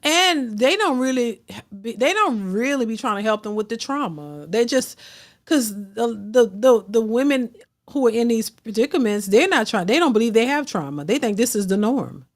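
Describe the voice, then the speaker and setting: A woman's voice, a touch higher than average, pressing her point in a casual commentary rant. She repeats herself for emphasis, preaches, and slips into mocking voices. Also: lively intonation, normal speed. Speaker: reaction channel host.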